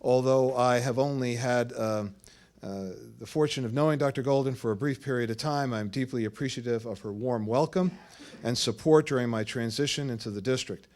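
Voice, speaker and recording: A man speaks at a school board meeting, delivering formal recognitions in a measured way. He often stops to hesitate between phrases. His voice sits at an ordinary middle pitch. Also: a little mellow.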